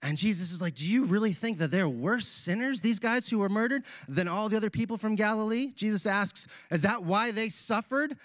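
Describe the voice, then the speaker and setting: High-voiced man preaching a casual sermon. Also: a little fast, hardly any pauses, dry recording, clean studio sound. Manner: casual, animated preaching with slang. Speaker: pastor. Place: church sanctuary.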